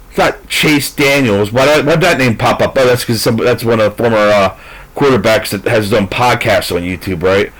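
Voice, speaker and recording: A man's voice: medium pitch, moderate pace, a bit bright, rough recording. A man ranting through a sports recap, profane, frustrated and rambling. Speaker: sports commentator.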